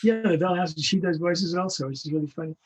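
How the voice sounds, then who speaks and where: An older male voice actor telling animated anecdotes in an interview, acting out the voices of the people he quotes. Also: high-pitched, fast. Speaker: guest voice actor. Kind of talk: storytelling interview.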